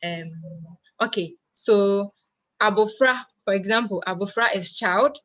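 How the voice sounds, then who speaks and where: A woman's voice: medium pitch, a little slow, fairly bright tone. A woman teaching an online language lesson, explaining step by step and answering her own questions as she goes.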